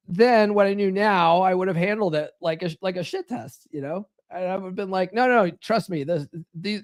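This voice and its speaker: Fairly high-voiced guy, blunt and sweary, rambly coaching talk, dry close sound. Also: no echo. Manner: blunt, profane, rambling with restarts. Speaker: relationship coach. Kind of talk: live stream advice talk.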